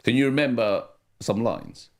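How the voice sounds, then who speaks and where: A man co-hosting a music livestream from home reads the chat aloud in a casual, rambling manner full of fillers. His mid-range voice is a little mellow, and he talks at a normal speed.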